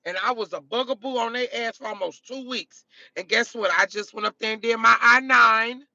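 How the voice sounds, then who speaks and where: High, gravelly woman chatting on a live stream. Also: normal speed, bright, forceful tone, dry recording, muffled recording. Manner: chatty and emphatic, repeats herself, calls viewers baby, honey and girl. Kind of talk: casual live-stream chat to viewers. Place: in a car.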